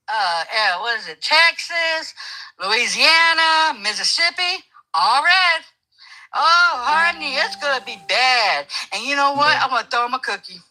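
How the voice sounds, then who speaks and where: High, bright, fired-up woman. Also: rough recording. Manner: emphatic, preachy, mocking, repeats herself. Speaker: guest commentator. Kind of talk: heated political chat.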